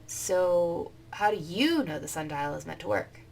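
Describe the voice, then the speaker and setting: Young woman explorer, curious and evasive, read in a woman's own voice, gravelly tone. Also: fairly low pitch, lively intonation, measured pace, darkish tone, soft background music, pitched below the performer's own voice.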